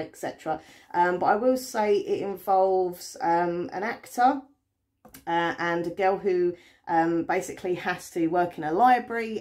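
An English book vlogger chats casually to camera about her new books, rambling enthusiastically and using plenty of fillers. Her voice is on the low side and a little mellow.

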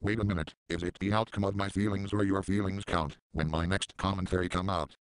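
Deadpan sarcastic man, very deep voice. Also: a little fast, clean tone, no echo. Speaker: commentary channel host. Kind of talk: mocking commentary.

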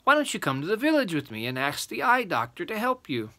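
Older man as a helpful little boy in a storybook, gentle, lightly lifted, bright. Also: sits high, wildly swooping pitch, fast talker, voice pushed up, full character voice. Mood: thoughtful.

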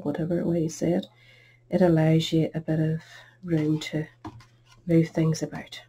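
Gravelly chatty crafting woman. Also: sits low, warm tone, slight background noise. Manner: chatty, self-deprecating, talks while working. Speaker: card-making tutorial host. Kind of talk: casual crafting tutorial. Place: craft table indoors.

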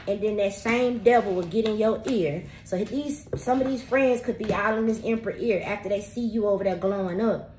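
A woman's voice: mid-range voice, normal speed, darkish tone. Emphatic, profane woman tarot reader. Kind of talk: spirited tarot reading monologue. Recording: roomy echo with faint background noise.

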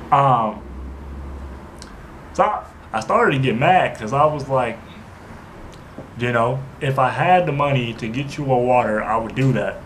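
A man spins a casual storytime for his channel, circling back with "you know what I'm saying" and tripping over his words as he goes. His voice sits at a middling pitch, and a clear wash of background noise hangs behind him. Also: a bit bright, low-quality recording. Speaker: vlogger.

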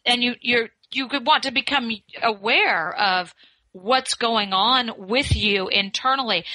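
A woman with a bright, forward voice recorded close and dry gives expert advice in an interview. She coaches in a measured way, stretching out the phrases she wants to land. The recording has no room sound around her. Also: medium pitch, no room sound, rough recording. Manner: coaching, slows down to stress key phrases. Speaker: communication skills expert guest. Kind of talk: podcast interview.

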